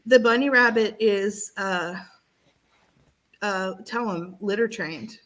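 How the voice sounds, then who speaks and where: A woman's voice: mid-range voice, slow pace, a bit bright, rough recording. A woman co-hosting a casual talk show, speaking with strong feeling and many restarts. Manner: emotional, rambling with many restarts. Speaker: podcast co-host. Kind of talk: casual chat.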